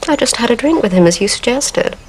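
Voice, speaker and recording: A woman with a posh English accent, playing a crisp, dryly scornful character who trades secrets. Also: fairly high pitch, expressive, quick pace, a little hiss or hum, lightly acted, poor audio. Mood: cool. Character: posh, sharp-tongued woman, playing both sides.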